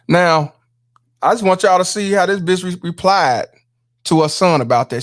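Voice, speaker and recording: Profane, emphatic man with a higher voice. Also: moderate pace, fairly bright tone. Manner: profane, emphatic, repeats himself for effect. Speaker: livestream commentary host. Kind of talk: live-streamed commentary with viewer shout-outs.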